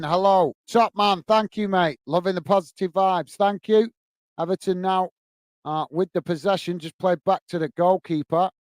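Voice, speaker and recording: A man's voice: high-pitched, darkish tone, clean tone, no room sound. A man hosting a football watch-along stream, giving friendly play-by-play and chatting with viewers as he goes. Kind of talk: live match commentary while greeting chat viewers.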